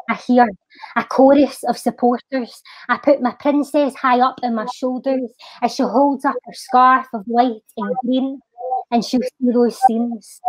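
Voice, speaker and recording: A woman with a Scottish accent, a charity guest on a podcast, reciting her own spoken-word poem in a slow, measured way and chatting between lines with soft "eh" fillers. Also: a little high, no echo, rough recording.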